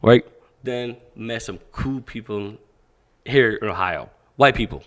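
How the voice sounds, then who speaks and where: Young male fight coach, candid and foul-mouthed, animated storyteller who acts out every exchange, medium pitch. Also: slow pace, pauses often. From Pakistan. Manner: profane, animated, acts out quoted dialogue. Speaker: boxing coach, podcast guest.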